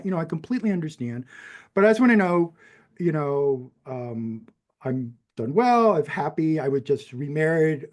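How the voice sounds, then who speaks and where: A man's voice: medium pitch, darkish tone. A man in his fifties from New Mexico with a general American accent, a podcast guest telling a personal story in a rambling way, with many fillers and restarts. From New Mexico, USA. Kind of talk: conversational storytelling.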